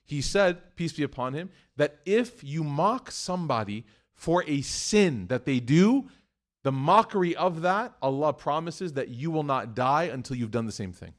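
A man's voice: on the high side, unhurried. A man giving a sermon, acting out the voices in his stories with humor, then exhorting earnestly. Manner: acts out story voices, animated and joking. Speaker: preacher. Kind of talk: storytelling sermon.

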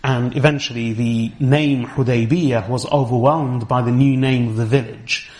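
A middle-aged man giving a deliberate religious lecture, explaining history and careful Arabic terms as a teacher. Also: mid-range voice, steady tone, a little mellow. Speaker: Islamic teacher.

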